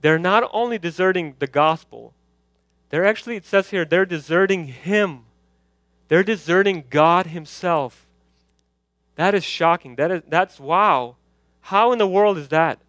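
Male pastor, higher voice, earnest and urgent sermon delivery, dry close sound. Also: a little slow, a bit bright, dry recording. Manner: earnest, urgent preaching with frequent fillers. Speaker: preacher. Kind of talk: evening sermon with prayer.

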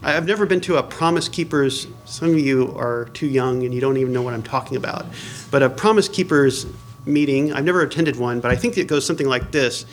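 A pastor with a mid-range voice preaches a sermon briskly and conversationally, full of fillers and restarts, and asks the congregation questions.

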